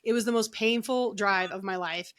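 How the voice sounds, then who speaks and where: A middle-aged woman, a guest on a podcast, telling her story in an animated way and acting out the lines of others. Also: medium pitch, normal speed. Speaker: podcast guest, energy healer.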